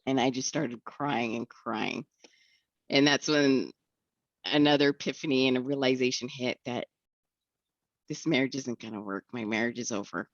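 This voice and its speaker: Woman with a really deep voice telling her story, earnest and reflective, dry kinda dull audio. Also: normal speed, long pauses, dry recording. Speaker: guest. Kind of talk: candid personal recovery story.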